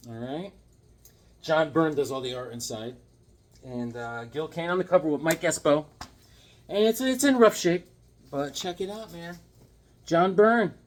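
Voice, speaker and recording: A man chatting casually in a comic haul vlog, laid-back and full of slang. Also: medium pitch. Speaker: comic book collector.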